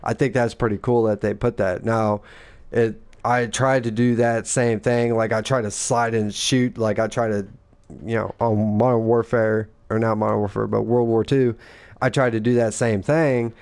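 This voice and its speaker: A man's voice: lowish voice, flat delivery, moderate pace, darkish tone, clear, resonant tone. A man and father, co-hosting a casual gaming chat, rambling and profane, acting out the lines people said. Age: adult father. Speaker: gaming podcast co-host.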